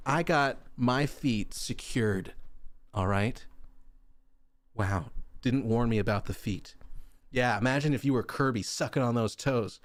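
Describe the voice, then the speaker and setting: A man's voice: takes it slowly, long pauses, dry recording. Young male streamer, loose and jokey, rambling chat between game moments. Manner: rambling, jokey, answers chat, bursts into high shouting. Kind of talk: casual gaming livestream chat.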